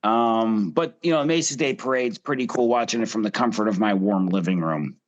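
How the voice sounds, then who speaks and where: A man's voice: fairly low pitch, a little fast, dull audio. A man hosting a casual podcast roundtable, upbeat and putting questions to each guest in turn. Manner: upbeat, quizzes the others in turn. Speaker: podcast host.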